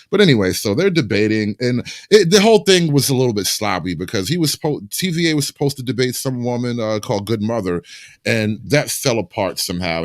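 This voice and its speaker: A man co-hosting a casual chat and telling an animated story, laughing often. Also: fairly low pitch, dry recording, clean studio sound. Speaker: co-host.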